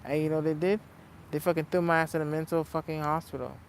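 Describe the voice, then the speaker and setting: A woman vlogging in a casual rant, blunt and profane, swinging between low muttering and loud heated outbursts. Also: fairly even intonation, fast, slight background noise, rough recording. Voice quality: blunt, heavily profane street talk. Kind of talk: casual unscripted vlog rant.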